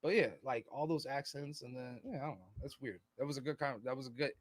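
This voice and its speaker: A man of middling pitch talks in a loose, rambling way as a podcast co-host. He swears freely and drifts between thoughts. The sound is dry and close. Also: fast talker, dry recording. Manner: rambling, profane, slips into put-on voices. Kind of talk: casual chat.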